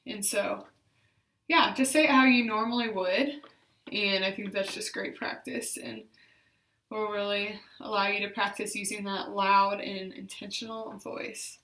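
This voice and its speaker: A young woman, a speech therapist, leading voice exercises with slow, clear, encouraging instructions and frequent fillers. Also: medium pitch, fairly even intonation, a bit bright. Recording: echoey room.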